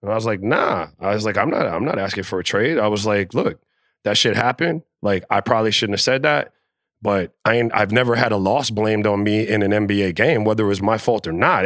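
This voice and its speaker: A man telling a locker-room story in a casual podcast chat, animated and profane, acting out the quotes. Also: lowish voice, no room sound, studio quality. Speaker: podcast co-host, former NBA player.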